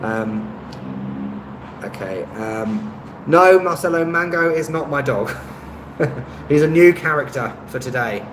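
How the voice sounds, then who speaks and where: A man's voice: a little high, lively intonation, slow, long pauses, reverberant, slight background noise, rough recording. A man hosting a casual live-stream chat, answering viewers' comments in a rambling, hesitant way with lots of ums and self-deprecating asides. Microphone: phone on a stabilizer.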